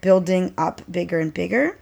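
Low-pitched woman asking the group. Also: lively intonation, normal speed, vocal fry, darkish tone. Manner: chatty, asks the group questions. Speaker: podcast co-host. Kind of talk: casual podcast chat.

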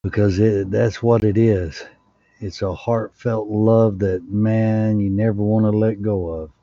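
A man sharing earnest testimony and prayer on a group call, fervent and excitable. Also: fairly low pitch, unhurried, no echo. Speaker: call participant. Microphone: online group call. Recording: dull lo-fi call audio.

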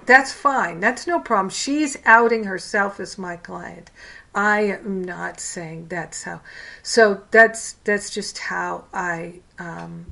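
Slow, candid woman teaching a class. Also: medium pitch, gravelly, sharp tone. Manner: candid, storytelling, frank. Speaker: spiritual counseling teacher. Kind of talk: casual class lecture.

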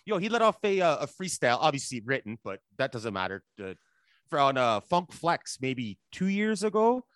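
Profane enthusiastic host, dry sound. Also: male voice, mid-range voice, big pitch swings, a bit bright, dry recording. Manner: enthusiastic, profane, halting restarts. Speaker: podcast host. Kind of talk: casual chat.

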